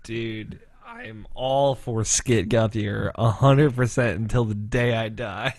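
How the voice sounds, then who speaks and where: A man's voice: fairly low pitch, slow, no room sound. A man hosting a gaming podcast, chatting casually with friends, laughing often and swearing freely. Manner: animated, laughs loudly, swears. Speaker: podcast host. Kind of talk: casual banter among friends.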